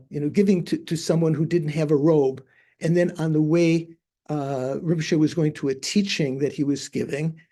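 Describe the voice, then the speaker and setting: Older male monk teacher, unhurried anecdotes, warm low-brightness tone, often gropes for words. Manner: hesitant, searching for words with many fillers.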